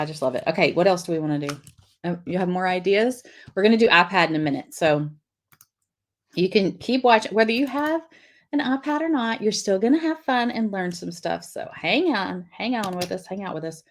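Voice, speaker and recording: A middle-aged woman chats her way through a live craft lesson. Her voice sits a little low, and she talks loosely and warmly to viewers while she draws, picking up their comments as she goes. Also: moderate pace. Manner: chatty, reads viewer comments aloud while drawing. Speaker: lettering class host.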